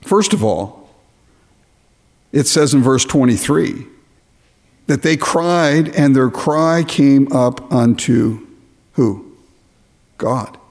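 A man preaching a sermon, animated, mocking imagined complainers in put-on voices. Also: medium pitch, takes it slowly, pauses often. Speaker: pastor.

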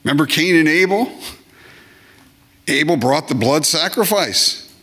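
A man's voice: a little high, expressive, measured pace, a bit bright, breathy edge. A man preaching a sermon, emphatic and repeating phrases, now and then acting out short comic voices. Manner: acts out short comic voices of worshippers and God. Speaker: pastor.

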